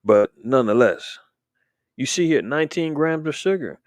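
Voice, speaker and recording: A man's voice: mid-range voice, animated, moderate pace, no room sound. Indignant rambling man, dry close sound. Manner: loose, indignant, rambling with many fillers and restarts. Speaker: show host commentating on current events. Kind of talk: casual live-stream commentary.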